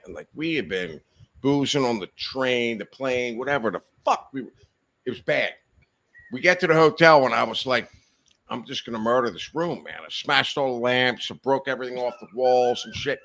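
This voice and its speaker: A man's voice: medium pitch, lively intonation, normal speed, vocal fry, a bit bright. A man guest on a casual podcast, telling profane, rowdy anecdotes and acting out the quotes. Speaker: podcast guest, reptile breeder. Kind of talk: casual storytelling chat.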